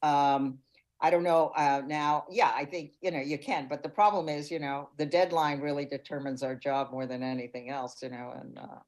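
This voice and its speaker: A woman's voice: deep voice, fairly even intonation, normal speed, darkish tone, poor audio. An older woman, a foreign correspondent, giving reflective interview answers and searching for her words.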